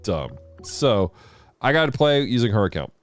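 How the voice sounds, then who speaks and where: Animated male game streamer. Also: fairly low pitch, normal speed, faint music behind. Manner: animated, laughs often, reads viewer comments aloud. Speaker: game streamer and show host. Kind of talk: casual livestream chat.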